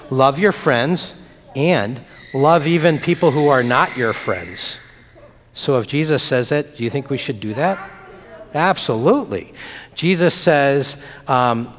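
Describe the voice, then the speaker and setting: A man leading a children's message in church, talking simply and playfully with the kids. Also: mid-range voice. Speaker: pastor. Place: church sanctuary. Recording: long reverb of a church hall.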